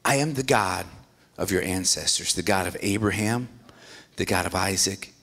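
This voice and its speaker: God, as a preacher puts him on, deep and grave. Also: male voice, normal speed, a bit bright, breathy edge, exaggerated voice. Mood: solemn. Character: God, solemn booming male deity.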